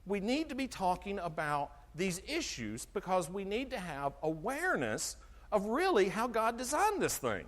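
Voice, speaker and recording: A middle-aged man giving an animated health talk to an audience, asking them questions and acting out conversations. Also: high voice, normal speed. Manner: animated, asks the audience questions, acts out dialogue. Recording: long hall reverb from a live talk.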